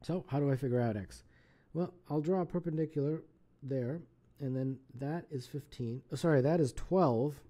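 A man working through contest math problems aloud as a tutor, casual and quick to correct his own slips. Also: on the high side, warm tone.

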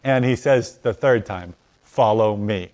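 A man telling a story in conversation, acting out the dialogue as his voice swings from loud to hushed. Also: on the low side, unhurried. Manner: animated, acts out dialogue with voice rising and falling. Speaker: guest telling a testimony.

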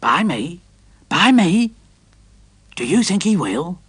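A man voicing a gentle, wistful old male traction engine in a storybook, speaking softly, low and dreamily. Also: very animated, takes it slowly, breathy edge, no echo, heavily acted. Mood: hopeful.

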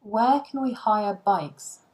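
A woman reads short phrases aloud for learners, one after another, with pauses between them. She speaks slowly and carefully, at a middle pitch. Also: a little mellow. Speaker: language learning reader. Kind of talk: slow phrase-list reading for learners.

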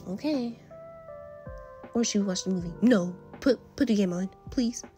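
A woman's voice: mid-range voice, normal speed, dark tone, soft background music. A woman performing a casual fan role-play audio drama, trading slangy, teasing banter as she voices several friends.

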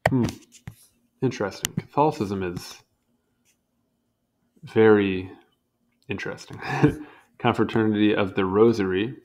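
Low-voiced young man reading aloud. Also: unhurried, pauses often, darkish tone. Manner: stumbles over hard words and comments wryly. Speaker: reader. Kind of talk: casual reading aloud from an encyclopedia.

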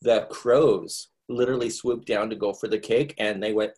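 A middle-aged Canadian man with a low, husky voice hosts a crochet class from home. He chats and jokes, rambles, and now and then jumps into squeaky put-on voices. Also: steady tone, a little slow, darkish tone. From Nova Scotia, Canada. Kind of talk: chatty live online class.

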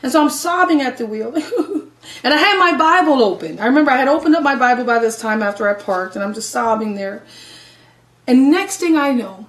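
A middle-aged woman evangelist with a high voice tells her testimony in a sermon, her delivery swinging between loud, dramatic stretches and soft, hushed ones. The sound carries a roomy echo. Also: distant mic. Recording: echoey room.

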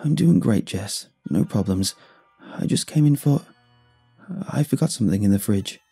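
Feverish young guy, raspy and weak, dark husky drawl, played by the narrator. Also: fairly low pitch, animated, moderate pace, soft background music, heavily acted. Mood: strained. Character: sick, desperate young man hiding pain.

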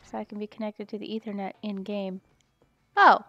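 A young woman streaming a video game, muttering to herself as she plays and bursting into excited squeals. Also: medium pitch, moderate pace, dry recording, muffled recording. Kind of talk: casual gaming stream chatter.

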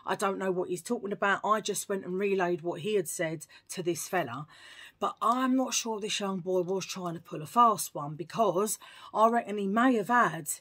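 A woman vlogger telling a story to camera in a chatty, animated way, full of asides. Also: medium pitch, moderate pace, slightly rough.

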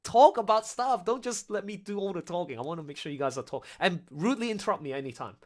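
A man's voice: high-pitched, fast. A man hosting a live stream over a voice call, chatting casually and sounding mentally exhausted. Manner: chatty, animated, self-interrupting. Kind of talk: casual chat.

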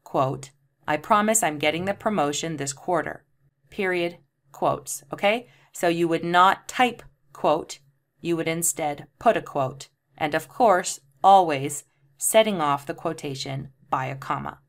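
Low-voiced woman teaching a tutorial. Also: unhurried. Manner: explanatory, reads example sentences aloud spelling out punctuation. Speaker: transcription tutor. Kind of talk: screen-share tutorial.

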